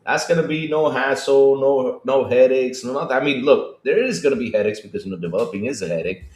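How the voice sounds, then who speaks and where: A man's voice: fast, roomy sound. A man co-hosting a gaming podcast livestream, chatting casually and greeting viewers by name. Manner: animated, greets chat by name with big pitch jumps. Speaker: podcast co-host.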